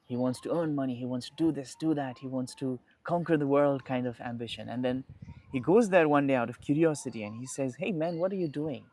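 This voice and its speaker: A man's voice: medium pitch, fairly quick, darkish tone. A young man, a podcast guest, talking reflectively in casual conversation and often restarting his phrases.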